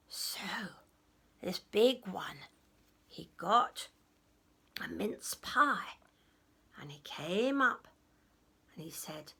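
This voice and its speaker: Animated woman storyteller for children. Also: sits high, gravelly, husky. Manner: animated, audience-prompting, drops to whispers.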